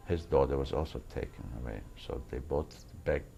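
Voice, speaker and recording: Deep gravelly old man, halting testimony. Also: mellow, slight background noise, poor audio. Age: older. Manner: halting, repeats words while searching for them. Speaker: interviewee recounting wartime memories. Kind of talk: personal testimony.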